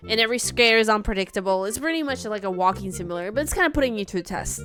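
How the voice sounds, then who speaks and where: A woman making a casual gaming commentary video, talking in a loud, expressive, chatty way. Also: fairly high pitch, quick pace, hardly any pauses, faint music behind.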